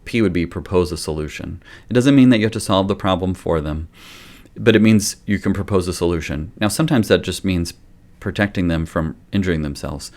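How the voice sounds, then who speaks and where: A man hosting a live-streamed parenting Q&A, explaining discipline in a calm, gentle way. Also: low voice, a little fast. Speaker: pediatrician and parenting host. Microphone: webcam or phone, live stream.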